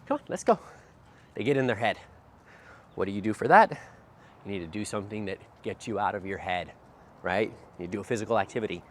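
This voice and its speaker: A man working as a dog trainer, explaining while he walks a dog outdoors, with a habit of asking "right?" after short phrases. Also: lowish voice. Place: outdoors by a street. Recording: faint outdoor noise.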